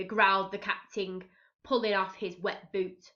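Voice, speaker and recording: A woman teacher reads a picture book aloud to very young children, pausing to gasp and ask them what comes next. Her voice is bright and her pace unhurried. The recording sounds dull and lo-fi. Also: mid-range voice. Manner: expressive, gasping, asking children questions. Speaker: reception teacher.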